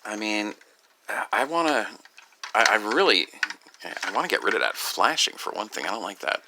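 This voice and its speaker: A grieving, upset man talking in a rambling personal vlog, halting and profane, with many restarts. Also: on the low side, big pitch swings, background noise. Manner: halting, profane, full of restarts and "you know". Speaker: video creator.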